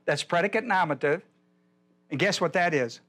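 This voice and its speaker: An older male pastor leads a Bible study with a voice sitting a touch high for a man. He teaches in a folksy, rambling way, stopping to repeat himself as he works through a point. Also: brisk, a bit bright. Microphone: whiteboard lecture in a church.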